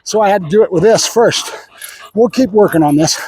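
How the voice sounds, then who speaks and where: A high-voiced man with a husky edge talks through a dog training session, casually explaining before breaking into quick bursts of coaxing praise. The sound is dry and close, with little room around it. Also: a little mellow, no echo. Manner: coaxing, repeats short praise and commands to a dog. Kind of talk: casual hands-on training demo.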